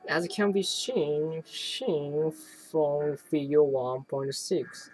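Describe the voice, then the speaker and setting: A person reading an academic text aloud, halting often to restart and correct words. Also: medium pitch, darkish tone, soft background music, low-quality recording. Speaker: reader.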